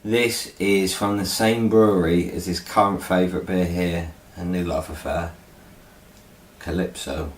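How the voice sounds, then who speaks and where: A man's voice: low voice, steady tone, a little slow. A man hosting a casual beer-tasting podcast, joking playfully between sips. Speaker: podcast host. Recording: roomy, distant mic, faint noise.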